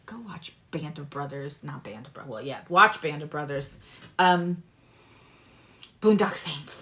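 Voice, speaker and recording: A woman in the middle of a casual tarot reading, talking straight to her viewers. Her voice is bright and forward, and she stays chatty and animated throughout. She swears casually and moves from loud, emphatic bursts to quiet asides. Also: low voice, measured pace, long pauses. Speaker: tarot reader and astrologer.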